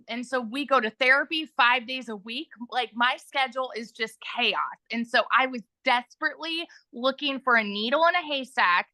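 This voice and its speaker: A woman in her thirties talking on a phone mic as a webinar guest, chatty and excited, telling her story with lots of asides to viewers. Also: on the high side, dry recording. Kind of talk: enthusiastic testimonial on a livestream. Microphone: phone held in hand.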